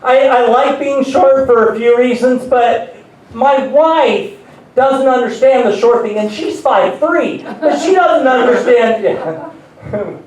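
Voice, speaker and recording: A man with a high voice performs a stand-up set at an unhurried pace, telling self-deprecating stories and often restarting his sentences. He is heard from some distance in a very echoey room. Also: a little mellow. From United States. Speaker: stand-up comedian. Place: large echoey venue before an audience. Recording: echoey room, voice far from mic.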